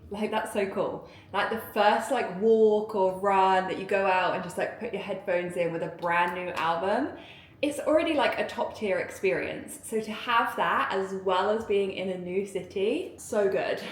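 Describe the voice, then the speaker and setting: Giggly woman, casual vlog chat, excitable and rambling, roomy echo, some faint background hum. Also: mid-range voice. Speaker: vlogger. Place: indoors at home, getting ready. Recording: echoey room.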